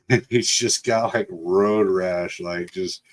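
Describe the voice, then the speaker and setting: A man's voice: low voice, steady tone, slow. A middle-aged man casually telling a childhood story on a live stream, swearing freely and laughing as he goes. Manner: profane, laughs often while telling. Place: home setup for a live stream.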